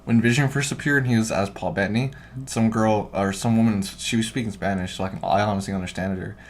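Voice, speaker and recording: A man co-hosting a podcast in casual chat, rambling and swearing, getting loud when he retells what people said. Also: lowish voice, fast, slight background noise. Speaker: podcast co-host.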